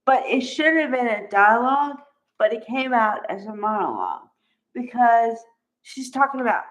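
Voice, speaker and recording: Chatty high-voiced woman recapping a soap. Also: big pitch swings, moderate pace, a bit bright. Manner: chatty, exasperated, acts out quotes. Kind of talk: casual spoken recap and commentary. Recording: dull lo-fi audio.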